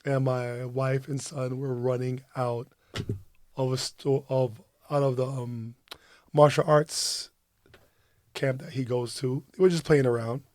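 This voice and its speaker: A man's voice: mid-range voice, unhurried, no echo, clean studio sound. A man co-hosting a podcast, chatting casually, swearing freely and laughing often. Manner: profane, laughs often, animated storyteller. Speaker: podcast co-host. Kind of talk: casual chat.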